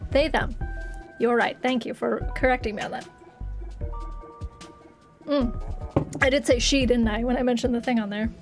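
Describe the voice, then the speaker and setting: A woman's voice: on the high side, fairly even intonation, moderate pace, long pauses, over music. A woman streamer reading a visual novel game aloud on a live stream, with giggly, chatty asides and playful exclamations.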